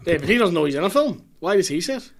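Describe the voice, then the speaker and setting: A young man chats as a podcast guest in a blunt, animated way, with curse words scattered through his talk. His voice sits a little higher than most men's, and he argues his points with force. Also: rapid-fire. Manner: blunt, animated, swears freely. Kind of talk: casual podcast chat.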